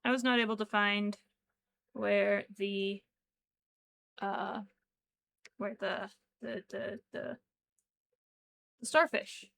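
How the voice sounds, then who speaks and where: A woman chatting casually on a craft livestream, slow and chatty, at times cooing baby talk to her pet. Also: medium pitch, steady tone, gravelly, fairly bright tone, poor audio. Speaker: crochet streamer.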